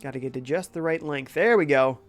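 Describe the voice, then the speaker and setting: A young male game streamer, his voice slightly high and brisk, sounds congested and sick from a cold. He chats in a laid-back way while playing, reading viewer comments aloud over soft background music.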